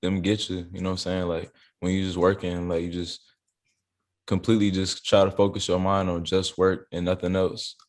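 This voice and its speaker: Laid-back deep-voiced young man. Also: level tone, normal speed. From South Carolina. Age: young adult. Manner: laid-back, slangy, loose storytelling. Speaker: rapper, interview guest. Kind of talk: casual interview chat. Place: interview studio.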